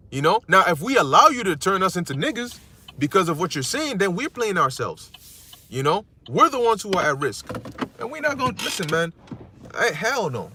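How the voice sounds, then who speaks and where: A man preaching a casual street-style sermon, animated and slangy, sometimes mocking other people's words. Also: slight background noise. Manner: animated, slangy, acts out insults in a squeaky mocking voice.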